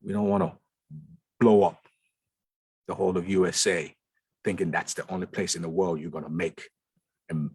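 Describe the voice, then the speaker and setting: Male guest speaker, low husky voice, emphatic and insistent, dry close sound. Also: flat delivery, normal speed, long pauses, a little mellow, no echo. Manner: emphatic, repeats words for stress. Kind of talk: conversational talk. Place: lounge.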